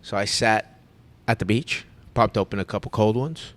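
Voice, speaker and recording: A man, a podcast host telling a long story in casual chat, animated and rambling with restarts. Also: fairly low pitch, moderate pace. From United States.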